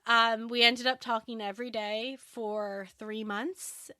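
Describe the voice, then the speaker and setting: A woman guest on a podcast, telling a personal story in a casual, animated way and laughing often. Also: on the high side, unhurried, clean tone, no echo, studio quality.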